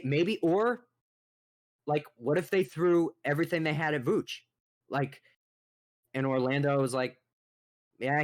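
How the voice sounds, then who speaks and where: A young man co-hosting a sports podcast launches into a profane, exasperated rant. His voice sits fairly high for a man, and he swings between fired-up outbursts and muttered asides. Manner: profane, exasperated, animated ranting. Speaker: podcast co-host.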